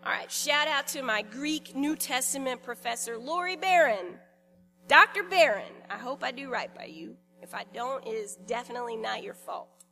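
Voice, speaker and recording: A woman pastor giving a sermon in a church in a conversational, lightly humorous way, pausing deliberately between phrases. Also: on the high side, lively intonation, sharp tone.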